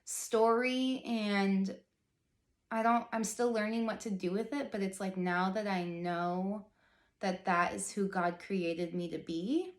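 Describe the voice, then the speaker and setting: A woman's voice: medium pitch, steady tone, slow pace, roomy sound. A woman in her thirties telling a personal faith story in a casual, rambling vlog style, full of "like" and earnest asides. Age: 30s. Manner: chatty, rambling, heavy use of "like", earnest. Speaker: faith vlogger.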